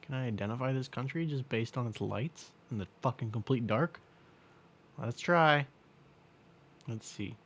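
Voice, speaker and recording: A man's voice: mid-range voice, moderate pace, pauses often, fairly bright tone. A man co-hosting a casual podcast chat, joking dryly and teasing while swearing. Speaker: podcast co-host.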